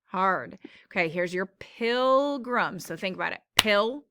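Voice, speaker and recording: A woman's voice: mid-range voice, expressive, heavy background noise. A woman teacher patiently explaining syllable patterns in a classroom phonics lesson. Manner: slow, patient explaining with drawn-out words.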